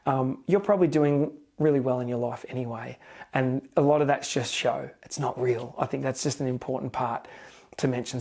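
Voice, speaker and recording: A man coaching viewers on diet and fitness, speaking bluntly and with emphasis. His voice sits a little higher than most men's. It has the easy, casual feel of a talk-to-camera video. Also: a little mellow. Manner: frank, emphatic, plain-spoken.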